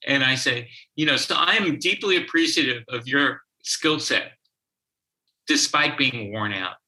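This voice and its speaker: A man speaking as an interview guest, telling a story from his counseling work in a halting way with frequent restarts. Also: medium pitch, pushed and bright, low-quality recording. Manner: slow, halting, with many restarts. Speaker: guest, child therapist.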